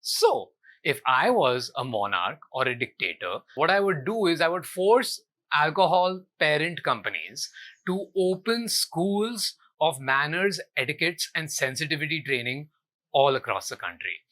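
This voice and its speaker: A man's voice: a little high, sing-song, unhurried, pushed and bright. A young Indian man, a comedian hosting his show, delivering a scripted commentary rant with exasperated sarcasm.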